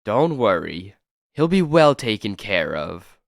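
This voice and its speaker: Brief: sinister doctor, read by a man, slow, smooth and threatening. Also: lowish voice, very animated, no echo, studio quality, exaggerated voice. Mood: sinister polite. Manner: silkily polite, veiled threats. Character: sinister male asylum doctor, smooth and menacing.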